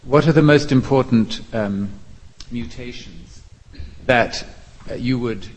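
Male audience questioner, husky and slow, careful with many ums, echoey hall. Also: medium pitch. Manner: measured, careful, with frequent ums. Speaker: audience member asking a question. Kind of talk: formal spoken question.

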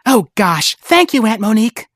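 A woman voicing an eager, rebellious young girl who pleads excitably. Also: on the high side, normal speed, breathy edge, no echo, studio quality, pitched above the performer's own voice. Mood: grateful.

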